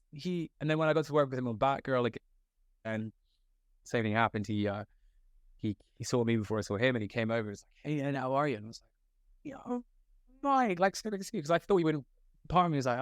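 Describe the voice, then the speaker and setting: A young man from Scotland, an actor, telling set stories in a casual interview, animated and slangy, full of filler likes. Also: mid-range voice, fast, dry recording, clean studio sound. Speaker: actor guest.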